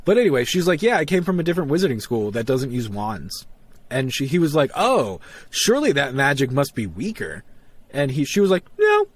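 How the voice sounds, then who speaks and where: Animated nerdy man chatting. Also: mid-range voice, brisk. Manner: animated, nerdy, acts out quotes in funny voices. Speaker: podcast co-host. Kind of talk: casual chat.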